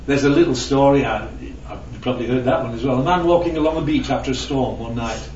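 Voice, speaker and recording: Distant preacher in an echoey hall. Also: male voice, medium pitch, fast, a little mellow, a little hiss or hum. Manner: conversational, asks the audience questions and tells anecdotes. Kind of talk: sermon. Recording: roomy, distant, dull lo-fi sound with faint ambience.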